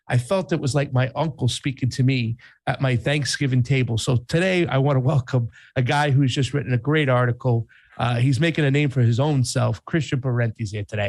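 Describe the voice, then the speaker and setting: Gravelly New York-accented man, chatty. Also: mid-range voice, a little fast, a little mellow. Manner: chatty, folksy, playful. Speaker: podcast co-host. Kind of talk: casual political talk.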